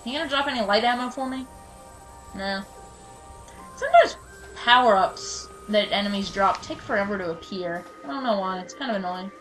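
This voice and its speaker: A woman's voice: mid-range voice, low-quality recording. A woman giving casual gameplay commentary, chatty and self-mocking, with sudden mock-angry outbursts at enemies. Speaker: let's play commentator. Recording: game music behind.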